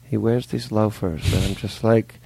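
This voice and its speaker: A man voicing a pet dog who grumbles in a low, deadpan way about how his owners dress. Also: normal speed, vocal fry, slightly rough, dry recording. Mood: grumbling. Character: fussy male pet dog, judging his owners' clothes.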